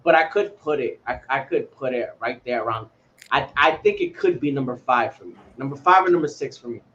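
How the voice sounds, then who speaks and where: A man's voice: medium pitch, fairly quick, fairly bright tone, highs cut off. A man co-hosting a podcast in casual chat, laid-back, laughing often and swearing freely. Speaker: podcast co-host.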